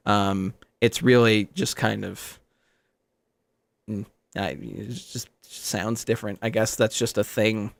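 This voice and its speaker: A man's voice: fairly low pitch, slow, gravelly. A young man streaming live, chatting casually and joking, laughing often. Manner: lively, jokey, laughs often. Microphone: good microphone.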